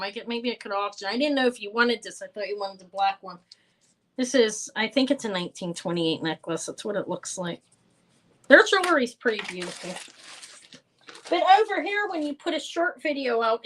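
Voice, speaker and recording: A woman's voice: fairly high pitch, fairly bright tone. A woman in her fifties hosting a live jewelry sale, chatting casually and rambling between items while thanking and answering viewers. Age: 50s. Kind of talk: casual live-stream sales chat.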